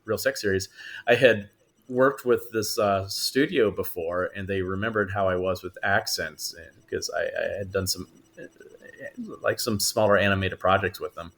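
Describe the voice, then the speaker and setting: A man's voice: low voice, steady tone, normal speed, gravelly, a bit bright. A man, an actor, telling stories in a podcast interview, laughing often and acting out the voices he quotes. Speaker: actor and voice actor guest. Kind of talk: animated storytelling in conversation.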